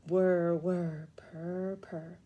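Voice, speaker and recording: A woman voicing an odd old male godfather and clockmaker in a storybook reading, chanting in a grating monotone. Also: on the low side, drawn-out words.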